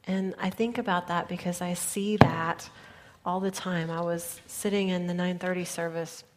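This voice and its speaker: A woman pastor giving an earnest sermon, often dropping her voice to a soft near-whisper for emphasis. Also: fairly low pitch, fairly even intonation, normal speed, very noisy.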